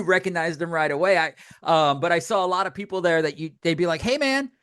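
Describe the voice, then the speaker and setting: An older man with a high, clean voice talks quickly as he co-hosts a podcast, recorded at studio quality without room sound. He's an animated storyteller in casual chat, acting out the quotes in his tales.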